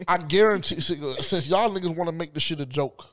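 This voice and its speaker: A man co-hosting a sports podcast, arguing loudly and profanely, talking over the others in a heated casual debate. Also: a little high, fairly quick. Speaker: podcast co-host.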